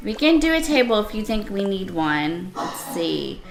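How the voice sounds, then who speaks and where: A woman's voice: medium pitch, very animated, normal speed, faint music behind. A woman live-streaming a cozy game, chatting casually and asking her viewers for their opinions, giddy and proud.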